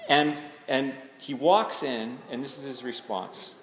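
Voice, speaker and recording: A man's voice: medium pitch, measured pace, fairly bright tone, slight background noise. A man preaching a sermon in a conversational, reflective way, building to emphatic readings of scripture. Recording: echoey hall with faint ambience.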